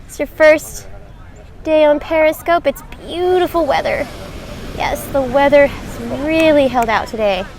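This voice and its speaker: A woman's voice: high-pitched, slight background noise. A woman, a yoga instructor live-streaming from the beach, chatty and welcoming as she greets her viewers. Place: outdoors on a beach.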